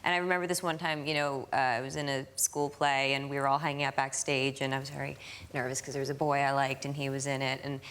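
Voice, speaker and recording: A woman's voice: extremely low pitch, flat delivery, quick pace, fairly bright tone, smooth. A woman in her forties, a chat show guest, telling a self-mocking story.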